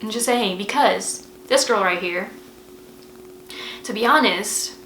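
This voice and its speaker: Bright-voiced young woman vlogging advice. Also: mid-range voice, takes it slowly, reverberant, slight background noise, poor audio. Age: young adult. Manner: chatty, emotional, lots of "like" fillers. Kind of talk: casual advice vlog.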